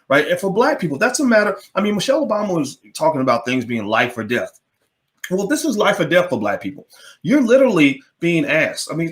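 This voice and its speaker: A man's voice: on the high side, a bit bright. A man hosting a political commentary monologue, emphatic and repeating words as he presses his points. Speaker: commentary channel host.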